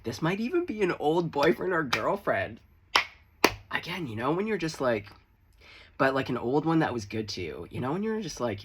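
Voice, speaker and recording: A man's voice: mid-range voice, big pitch swings, fairly quick, background noise. A man giving a casual, chatty tarot reading to camera, swearing freely and making playful asides. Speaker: tarot reader.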